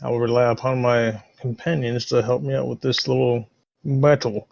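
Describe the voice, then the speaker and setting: A man's voice: medium pitch, flat delivery, normal speed, gravelly, no room sound, lo-fi sound. A man playing a tabletop game, eagerly describing his character's actions in dramatic terms. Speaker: player.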